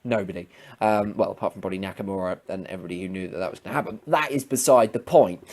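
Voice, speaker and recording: A man giving casual, rambling wrestling predictions to camera, swearing freely and quickly getting heated. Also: low voice, a little mellow. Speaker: wrestling preview vlogger. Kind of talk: casual unscripted commentary.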